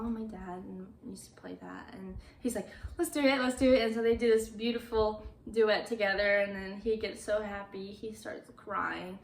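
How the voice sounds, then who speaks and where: A woman chatting through a movie recap at a middle pitch, casual and talkative. She keeps slipping into quick quotes of the characters. Her voice carries a roomy echo. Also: a little hiss or hum. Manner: chatty, quotes characters with "she's like", laughs now and then.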